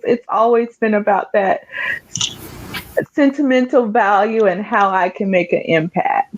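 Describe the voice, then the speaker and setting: Woman, conference guest coach, emotional and encouraging, slightly high voice, dull lo-fi call audio. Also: a little mellow. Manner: emotional, tearful, encouraging, laughs often. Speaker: guest speaker, creative coach. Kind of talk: heartfelt conference talk.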